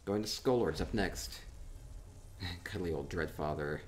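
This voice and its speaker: Playful low-voiced male streamer. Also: unhurried, slight background noise. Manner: playful, rambling, thinking aloud. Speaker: streamer touring player homes in a game. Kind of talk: casual live-stream commentary.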